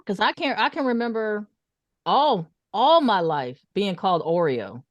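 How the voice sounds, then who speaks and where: A woman's voice: mid-range voice, sing-song, a little slow, dry recording, lo-fi sound. A woman speaking passionately in a casual chat, with emphatic, rising delivery. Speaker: podcast co-host.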